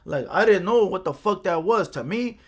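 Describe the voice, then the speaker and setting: A man's voice: sits high, expressive, normal speed. A man from Los County, telling a street story in a casual, profane way and often checking in with "right?". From Los Angeles County.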